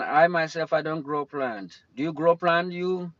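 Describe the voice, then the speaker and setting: A young host with a fairly high, slightly bright voice chats unhurriedly on a casual livestream from in or near his car. There's no room sound and the highs are cut off; he rambles and pauses to welcome viewers in the chat.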